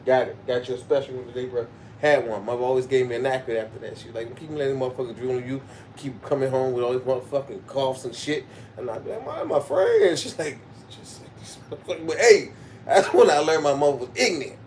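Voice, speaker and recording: A man telling profane school stories on a livestream, swearing freely and breaking into loud laughter. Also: mid-range voice, quick pace. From Baltimore, Maryland. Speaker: livestream host. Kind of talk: profane storytelling monologue. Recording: distant mic with background noise.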